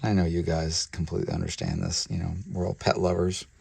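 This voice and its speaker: With a deep, husky voice showing vocal fry, this reptile breeder talks a little fast in a level tone, and the audio has no room sound. He hosts his channel's casual vlog indoors on a handheld camera mic, chatting as he handles snakes and occasionally murmuring softly to them.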